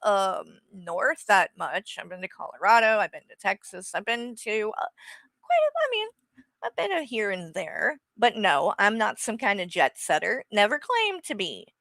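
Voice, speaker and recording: Woman host, blunt sarcastic rant, crisp bright tone, dead-dry sound. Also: mid-range voice, big pitch swings, moderate pace, no echo. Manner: blunt, sarcastic, swears freely. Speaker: streamer host. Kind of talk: casual rant to viewers.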